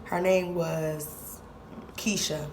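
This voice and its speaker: A woman's voice: low voice, fairly even intonation, very slow, a little hiss or hum. A young woman vlogger telling a story in casual, slangy speech, repeating lines for emphasis.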